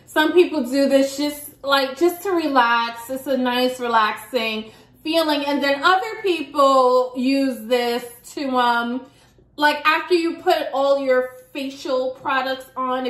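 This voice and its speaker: Giggly high-voiced woman vlogger. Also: echoey room. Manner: chatty and giggly, talks to viewers. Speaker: beauty vlogger. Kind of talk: casual unboxing chat.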